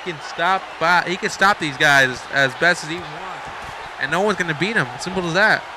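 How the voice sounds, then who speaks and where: Excitable high-voiced man doing play-by-play. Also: moderate pace, crowd noise, background noise. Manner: excitable, shouts at big moves, rambles and repeats himself. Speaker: YouTuber commentating his own video game matches.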